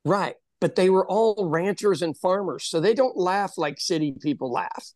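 A man from Oklahoma, a former stand-up comic, telling stories in a casual, animated chat with frequent swearing. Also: sits high, no echo, studio quality. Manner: animated storyteller, swearing, quick asides.

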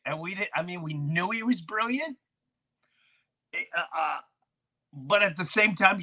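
A man hosting a podcast, telling neighborhood stories in a loose, animated way, with lots of false starts. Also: a little high. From grew up in a city neighborhood near an airport. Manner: animated, with many restarts and acted-out quotes. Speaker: podcast host. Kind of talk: casual storytelling chat.

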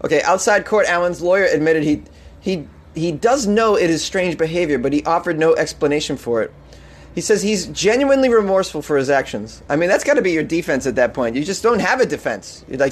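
A man's voice: on the high side, animated, brisk. A man hosting a comedic news podcast, reading odd stories aloud and mocking them with sarcastic asides and frequent laughs. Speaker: podcast host.

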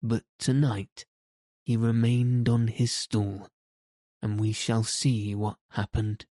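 A man narrating a children's classic audiobook at a slow, unhurried pace. His voice sits low and warm, and the reading is measured and even. The sound is close and dry. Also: no echo.

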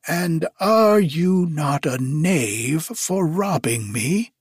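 A spiteful old island witch , as a man puts her on in a storybook reading. She speaks slowly in a husky, pitched-up voice that cries out and mutters threats. The sound is dry and close. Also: expressive, no room sound, exaggerated voice. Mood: indignant.

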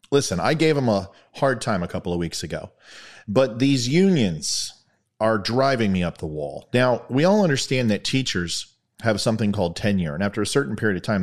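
Low-voiced lively male podcast host. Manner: animated, self-deprecating. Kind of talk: casual monologue and storytelling.

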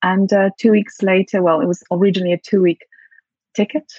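A woman from Poland, a guest in an interview conversation, speaks thoughtfully and fairly quickly with lots of fillers, in a Polish-tinged British accent. Her mid-range voice is darkish and slightly rough, with little pitch movement; there's no room sound and the highs are cut off.

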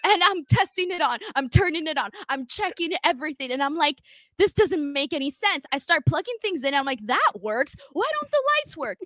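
An American woman hosting a casual live-stream chat, telling stories in an animated way with frequent swearing. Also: sits high, a little fast, no echo. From United States. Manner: animated, swearing storyteller, laughs often. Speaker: podcast host.

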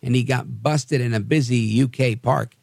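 A man hosting a podcast, telling odd news stories with wry, animated asides. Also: medium pitch, normal speed, gravelly, no room sound. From New Jersey area. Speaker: podcast host. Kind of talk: casual news commentary.

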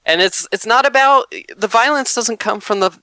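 A man's voice: very high-pitched, moderate pace, pushed and bright, dry recording. A man co-hosting a casual podcast, reading news items aloud and joking about them. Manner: reads headlines then riffs jokingly.

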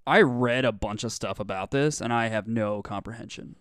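A man's voice: fairly low pitch, moderate pace, fairly bright tone, smooth, no echo, studio quality. A man co-hosting a casual comedy podcast, rambling and joking with lots of fillers and restarts. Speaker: podcast co-host.

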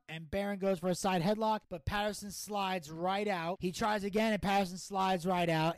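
A man's voice: sits high, clean tone, dry recording. A man hosting a podcast, reviewing in a casual, blunt, freely swearing monologue. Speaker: podcast host.

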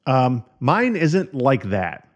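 A man's voice: medium pitch, big pitch swings, takes it slowly. A man hosting a podcast, talking straight to listeners, emphatic and fond of repeating key phrases and asking questions. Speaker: podcast host. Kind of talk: energetic podcast monologue.

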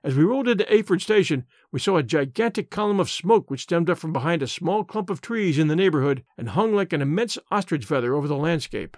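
A man narrating a classic story in a measured, expressive audiobook style. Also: fairly high pitch, no room sound, studio quality.

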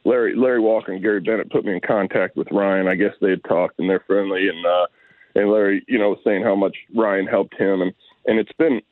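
A man talking casually as an interview guest, rambling and relaxed, repeating words as he restarts his sentences. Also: low-pitched, a little fast, no echo. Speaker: interview guest, retired baseball player. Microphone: phone. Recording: tinny phone line, dry.

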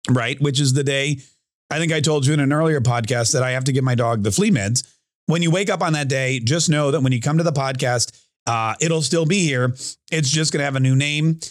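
Recorded in a clean studio with no echo, this mid-range male voice belongs to a podcast and radio host. He kicks off his show with news and opinion in a loose political monologue, chatting away, drifting a bit, and frequently restarting or going off on asides.

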